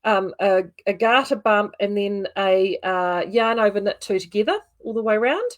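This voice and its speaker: A woman's voice: mid-range voice, animated, moderate pace. A woman with a New Zealand accent hosting a casual livestream, chatty and rambling with many fillers. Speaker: yarn shop host.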